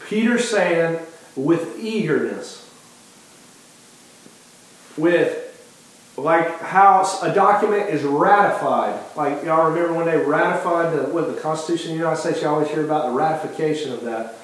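Fired-up preacher guy, voice a bit high, restarts a lot, super echoey hall. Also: normal speed. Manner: impassioned preaching with repeated restarts and quoted dialogue. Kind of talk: sermon.

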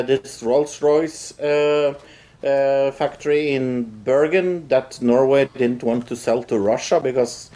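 A man co-hosting a podcast, bringing up topic updates in a casual, halting way with many fillers. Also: a little high, warm tone. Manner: introduces topics with many uhs and short backchannels. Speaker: podcast co-host. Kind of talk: casual news discussion.

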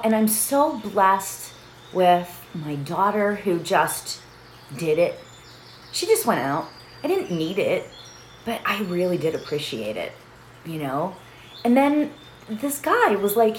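Chatty middle-aged lady hosting meditation, lots of laughs, roomy sound with faint noise behind. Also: mid-range voice. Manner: chatty, laughs often, keeps asking "right?". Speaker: meditation host. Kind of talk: casual chat leading a meditation.

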